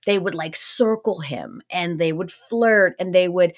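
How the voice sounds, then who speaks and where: A woman's voice: fairly low pitch, unhurried. Playful woman hosting a sports talk show. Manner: playful teasing, acts out quoted voices. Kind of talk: casual sports chat.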